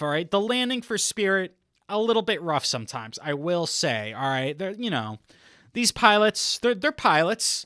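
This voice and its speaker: A young man hosting a comedy podcast alone, riffing in a rambling, deadpan way and laughing at his own lines. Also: high-pitched, moderate pace, clean tone, dry recording, clean studio sound. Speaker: podcast host. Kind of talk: comedic solo podcast monologue.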